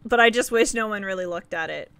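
A woman's voice: medium pitch, quick pace, a bit bright, clear, resonant tone. A woman streaming a game live, chatting casually and giggling with her viewers.

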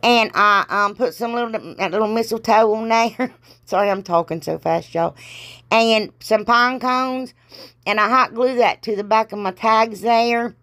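Here the Ohio crafting vlogger, a middle-aged woman with a Southern drawl, walks through a tutorial in loose, easygoing fashion. Her fairly high, slightly bright voice moves a bit slowly and sounds a touch stuffy from allergies. Folksy exclamations and jokes at her own expense pop up throughout.

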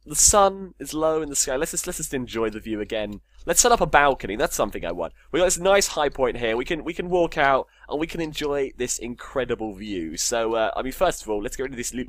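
A man's voice: mid-range voice, expressive, fairly quick, hardly any pauses, a bit bright, a little hiss or hum. A man casually commentating his Minecraft game, joking, swearing and talking to himself. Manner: swears a lot, jokey, talks to himself. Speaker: gamer.

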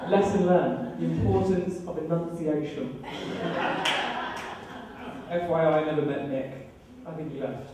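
A man's voice: on the high side, steady tone, moderate pace, mellow, slight background noise. A man in his thirties with a British accent, telling a comic personal story on stage to a live audience in a wry, self-deprecating way. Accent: British English. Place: event room with live audience. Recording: very echoey room, voice from far off.

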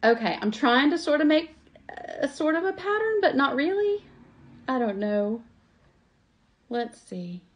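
A craft vlogger chats with viewers, calling them y'all and poking fun at herself while she works on a project at her table at home during a live tutorial. Her voice is high and very animated, with a measured pace and frequent pauses. The recording's highs are cut off.

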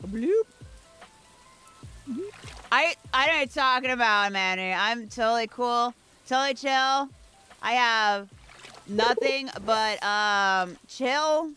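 Bright-voiced playful woman streamer. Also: on the high side, takes it slowly, pauses often. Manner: playful, giggly, talks to the game characters. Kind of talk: casual gameplay commentary. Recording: faint background music.

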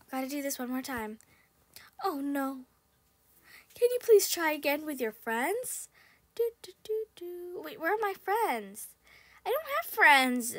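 A young female gaming host narrating her game play, excitable, squealing and shouting when in danger. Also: high-pitched, measured pace, long pauses, no echo. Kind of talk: game commentary.

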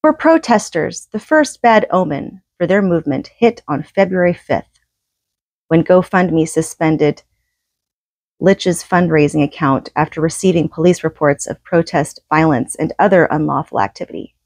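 Low-voiced woman reading a book aloud. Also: moderate pace, darkish tone, no echo. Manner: reads aloud steadily, drops into casual asides. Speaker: audiobook reader.

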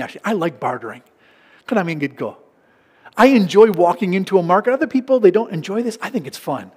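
A man's voice: sits high, darkish tone, long reverb tail. A man preaching a sermon as a pastor, mixing English with local Filipino phrases and acting out market haggling. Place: church hall.

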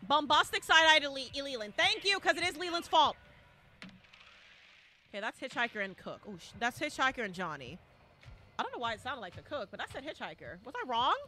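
Female streamer, tone, animated live horror-game commentary, high and lively. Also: brisk, slight background noise. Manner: chatty, dramatic, swings from hushed to shrieking.

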